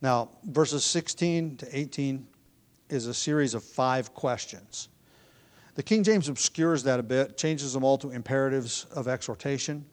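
Man preaching a measured sermon. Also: mid-range voice. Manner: measured teaching delivery with occasional restarts. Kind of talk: expository sermon.

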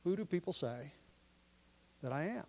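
A pastor preaching a sermon, explaining the text from his notes and pressing his listeners with forceful questions. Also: a little high, expressive, normal speed. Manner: teaching from notes, explains word meanings.

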